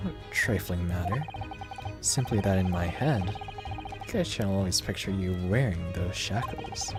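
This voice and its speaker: A teasing, flamboyant gentleman sleuth, as a man reads him aloud, with a low, unhurried drawl. Game music plays steadily behind the voice. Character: flamboyant British male detective, teasing.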